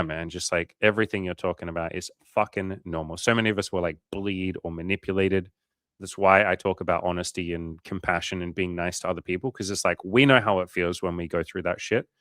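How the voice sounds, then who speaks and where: A man's voice: deep voice, a bit bright, dry recording, studio quality. An Australian man hosting a casual coaching livestream, reading viewer comments aloud in a loose, profane, filler-heavy way.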